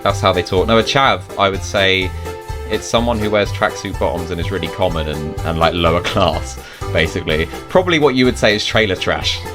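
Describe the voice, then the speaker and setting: A man's voice: low-pitched, expressive, brisk, music in the background. A British man hosting a podcast, chatting casually and rambling through slang explanations with plenty of fillers. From United Kingdom. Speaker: podcast host. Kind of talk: casual chat.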